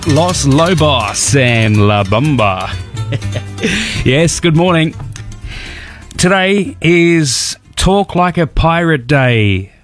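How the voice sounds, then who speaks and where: A man's voice: on the high side, expressive, slow, faint music behind. A man hosting a radio show, chatty and upbeat as he talks between songs and reads out the day's anniversaries. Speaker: radio host. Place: radio studio.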